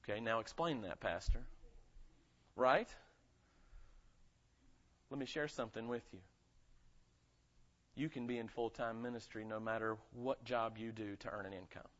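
A man's voice: mid-range voice, measured pace, pauses often, a bit bright. A male pastor from North Carolina with a light Southern accent, preaching a sermon in a conversational way and asking his congregation for amens. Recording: muffled lo-fi sound.

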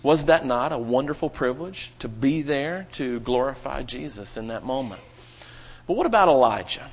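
A man's voice: medium pitch, expressive, normal speed. Dramatic preacher man, lo-fi sound. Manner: dramatic, rising and falling emphasis, addresses congregation. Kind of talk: sermon.

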